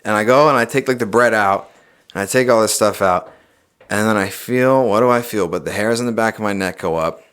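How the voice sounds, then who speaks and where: Man, young adult, podcast guest, casual storytelling, animated, swears. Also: fairly low pitch, a little fast, smooth. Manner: animated, swears often, says "dude" and "like".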